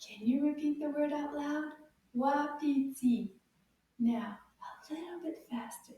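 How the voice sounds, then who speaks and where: A woman teaching French to young children, saying words slowly and clearly and giving cheerful praise. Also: sits high, dark tone. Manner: slow, exaggerated repeating of words for children. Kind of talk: kids' language lesson. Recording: echoey room, voice far from the mic.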